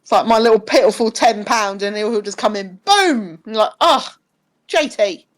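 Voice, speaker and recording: A woman's voice: mid-range voice, brisk. A young woman chatting casually on a live stream as co-host, laughing often and swearing now and then. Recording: faint music behind.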